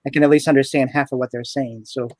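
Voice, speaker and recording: Flat-voiced soft-spoken man on a call. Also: mid-range voice, fast talker, no echo. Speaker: guest. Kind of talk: casual chat on a video call.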